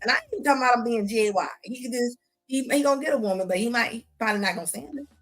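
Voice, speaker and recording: A woman's voice: fairly high pitch, rapid-fire, a bit bright, soft background music. Blunt, mocking woman streamer. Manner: blunt, mocking, laughs often. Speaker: commentary streamer. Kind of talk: casual reaction commentary.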